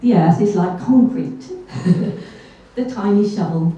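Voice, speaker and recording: A woman's voice: on the low side, takes it slowly, dark tone. A woman telling a true story on stage at a live event, chatty and self-deprecating, with little asides. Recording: echoey hall from far off.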